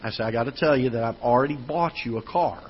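A man's voice: medium pitch, fast talker, dull audio, slight background noise. A man preaching a sermon as pastor, telling a story that builds into emphatic preaching. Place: church auditorium.

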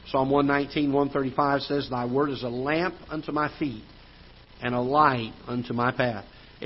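A male pastor delivering a sermon in a church auditorium, earnest, pressing points, then dropping quiet. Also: on the high side, slightly rough, highs cut off. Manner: earnest preaching with rising emphasis and quiet drops.

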